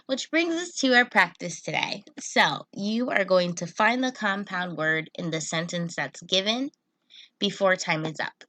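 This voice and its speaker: A woman's voice: fairly low pitch, animated, measured pace, sharp tone, no echo. A young woman teacher giving a patient, step-by-step online phonics lesson to children.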